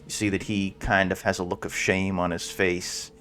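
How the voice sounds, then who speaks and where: A man narrating as game master of a tabletop game, halting and searching for words. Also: low voice, little pitch movement, a bit bright.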